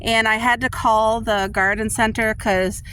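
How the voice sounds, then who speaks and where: A woman's voice: fairly high pitch, steady tone, unhurried, a bit bright, a little hiss or hum. A woman vlogger chatting casually to the camera, gushing and enthusiastic about her finds and her garden. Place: garden outdoors.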